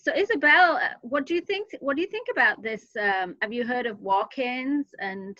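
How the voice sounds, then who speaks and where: A woman's voice: fairly high pitch, expressive, moderate pace, sharp tone, dry recording. A woman hosting an interview over a video call, upbeat and moderating between guests. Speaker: host. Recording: dull, dry lo-fi sound.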